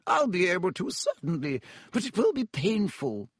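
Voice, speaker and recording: A stern, fussy middle-aged woman healer scolds grimly, as a male storyteller puts her on. The voice is pushed clearly higher than his own, and the sound is dry and close. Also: huge pitch swings, normal speed, dry recording, heavily acted. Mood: scolding. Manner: scolding, grim.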